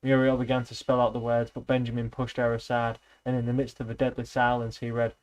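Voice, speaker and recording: Man, middle-pitched voice, casual novel reading, loose delivery with slips and restarts. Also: monotone, brisk, hardly any pauses, darkish tone, low-quality recording. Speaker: reader, streamer.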